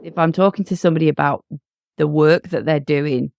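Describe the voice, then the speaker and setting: A woman in her forties from the United Kingdom, a guest speaking in casual conversation, animated and acting out quoted dialogue. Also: deep voice, brisk, gravelly, very noisy. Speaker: guest, coach and podcaster.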